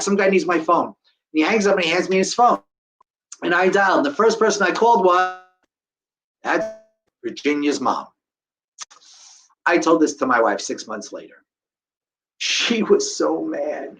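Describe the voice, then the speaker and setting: New guy telling his story to a crowd, acts out all the back and forth, voice a bit high. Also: moderate pace. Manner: animated, acts out each quoted exchange. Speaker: guest speaker. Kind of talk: live storytelling talk to an audience.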